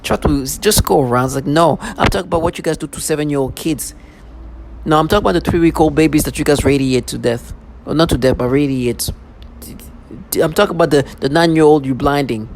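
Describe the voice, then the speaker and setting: A man's voice: on the high side, fast. A man delivering an agitated, accusatory monologue in a repetitive style. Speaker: vlogger. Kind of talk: angry monologue. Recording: noisy background.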